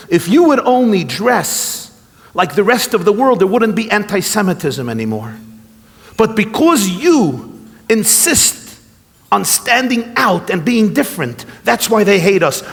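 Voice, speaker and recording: A man doing a nagging woman on a plane, pitching his voice up as she scolds. Her reproach rings through a long hall reverb. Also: very animated, a little slow, creaky, exaggerated voice. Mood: scolding. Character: scolding middle-aged woman passenger.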